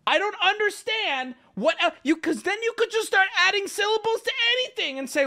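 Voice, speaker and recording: A man's voice: very high voice, animated, a little fast, few pauses, pushed and bright. A man streaming live, ranting at his chat in an exasperated, profane, argumentative way. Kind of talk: livestream rant to chat.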